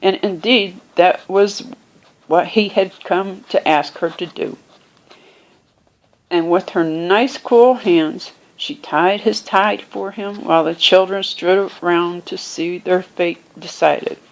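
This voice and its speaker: A woman reading a children's classic aloud, unhurried, lifting her voice for the characters and pausing now and then to find her place or explain a word. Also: fairly low pitch, poor audio. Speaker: reader. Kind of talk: amateur audiobook reading.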